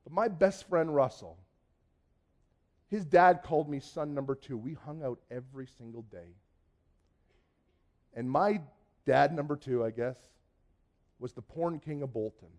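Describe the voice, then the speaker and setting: A man from Canada, telling a personal testimony in a lively storytelling way, acting out dialogue and often restarting his sentences. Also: on the high side, a little slow, pauses often. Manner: lively, acts out dialogue, frequent restarts and repeated words. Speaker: speaker giving a personal testimony.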